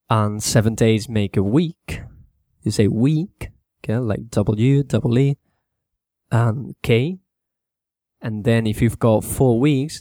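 A man teaching English to Spanish speakers in a casual spoken lesson, repeating words slowly to show how they sound. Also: fairly low pitch, no echo, clean studio sound. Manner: relaxed, repeats words slowly to model pronunciation, mixes in Spanish.

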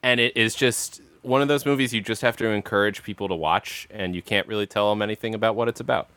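A man's voice: fairly low pitch, quick pace, a bit bright, no room sound. A man co-hosting a podcast, talking in an enthusiastic, rambling casual way. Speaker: podcast co-host. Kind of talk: casual chat.

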